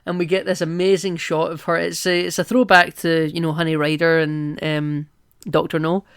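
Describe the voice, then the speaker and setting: A man's voice: fairly high pitch, little pitch movement, normal speed, fairly bright tone, clean tone. A man co-hosting a podcast, chatting casually about a film, rambling and playful with many asides. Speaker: podcast co-host. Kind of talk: casual film-review chat.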